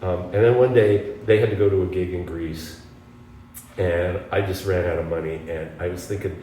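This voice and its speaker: A man from the United States, a guest guitarist, telling animated stories in an interview and acting out the voices of people he quotes. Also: deep voice, normal speed. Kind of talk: storytelling interview. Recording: echoey room from a distance, faint background noise.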